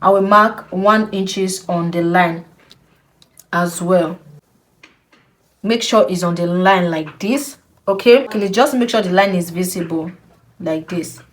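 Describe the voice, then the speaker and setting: A young woman giving a patient step-by-step sewing tutorial, repeating key points and checking in with the viewer. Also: on the low side. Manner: slow, patient, repeats instructions with frequent "okay?". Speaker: sewing instructor.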